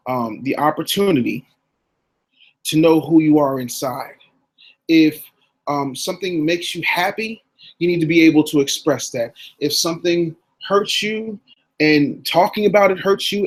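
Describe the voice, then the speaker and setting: A man teaching public speaking through personal stories, joking and animated, often repeating words as he starts a sentence. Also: on the high side, poor audio. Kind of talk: storytelling lecture.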